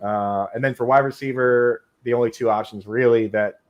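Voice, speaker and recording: A man's voice: mid-range voice, steady tone, moderate pace, muffled recording. Chatty Boston-accented male podcast host. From Boston, USA. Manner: chatty, says dude a lot. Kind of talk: casual podcast chat.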